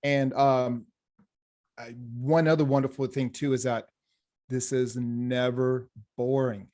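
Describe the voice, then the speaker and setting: A man speaking in a casual interview, an enthusiastic hypnotherapist who tells client stories with lots of energy. He acts out both sides of conversations and often stumbles and restarts his sentences. His pitch sits in an ordinary middle range. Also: takes it slowly. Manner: animated storyteller, acts out quoted dialogue, frequent restarts. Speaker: hypnotherapist, program graduate.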